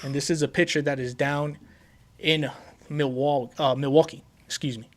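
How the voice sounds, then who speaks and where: A man from Puerto Rico hosts a laid-back sports podcast, his voice pitched fairly high for a man. He talks at a normal speed but excitedly, stumbling, repeating words, and filling gaps with fillers.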